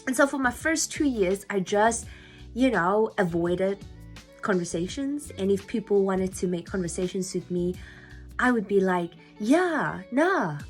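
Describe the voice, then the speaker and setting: A young woman from Nagaland, India, speaking with an Indian English accent, whose first language is Lotha, chatting to camera in an animated, jokey way as a vlogger. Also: mid-range voice, moderate pace, soft background music. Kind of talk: casual chat to camera.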